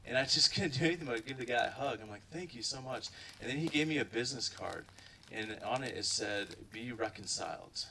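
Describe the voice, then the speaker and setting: A man's voice: medium pitch, brisk, gravelly, pushed and bright, distant mic, a little hiss or hum, rough recording. A young man from Ohio telling a casual spoken testimony to a group, rambling with lots of fillers and "like". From Ohio, USA. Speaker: churchgoer giving a testimony.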